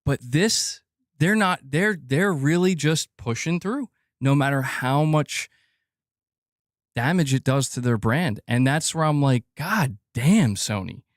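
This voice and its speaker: A man's voice: fairly high pitch, unhurried, no room sound, studio quality. Ranting male game-news streamer. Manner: animated, swearing, ranting to chat with laughs. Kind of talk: casual live-stream commentary.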